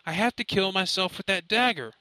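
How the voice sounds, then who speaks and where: A man's voice: on the high side, lively intonation, moderate pace, bright, forceful tone, no room sound, pitched above the performer's own voice, low-quality recording. A man voicing a distraught, grieving young man who speaks in a shaky, pleading way, close to tears, in an audiobook. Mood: frightened. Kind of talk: audiobook character voice.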